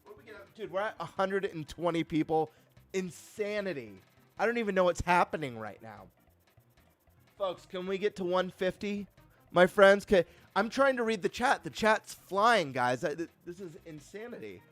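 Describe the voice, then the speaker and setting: A man hosting a live stream, chatting casually and greeting viewers with excited energy. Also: high-pitched, moderate pace, faint music behind.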